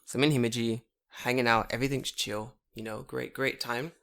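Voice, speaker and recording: This podcast co-host has a gravelly, mid-range voice and talks a little fast. He tells stories in casual, profane chat, swearing a lot, staying animated, and acting out the voices of the people involved.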